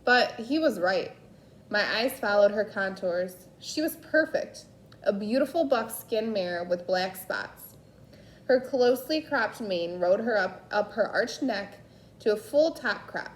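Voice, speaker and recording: Female reader, storybook narration, steady and unhurried, roomy echoey recording. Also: mid-range voice. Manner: unhurried reading with slips and self-corrections. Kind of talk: reading a children's novel aloud. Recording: echoey room.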